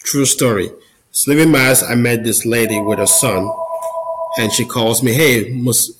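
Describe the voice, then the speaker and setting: A man's voice: mid-range voice, normal speed, background noise. Guy on a podcast telling his faith story, earnest, trips over his words and repeats himself. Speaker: podcast guest, Catholic business founder. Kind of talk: personal testimony in casual conversation.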